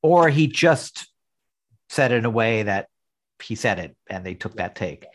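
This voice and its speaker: A man's voice: fairly low pitch, lively intonation, measured pace, a bit bright. A man co-hosting a podcast in casual chat, musing and nitpicky. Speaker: podcast co-host.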